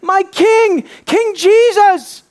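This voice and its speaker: A woman preacher voicing a blind male beggar who shouts loud, fervent cries to his king. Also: extremely high pitch, flat delivery, slow pace, pitched above the performer's own voice. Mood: exultant.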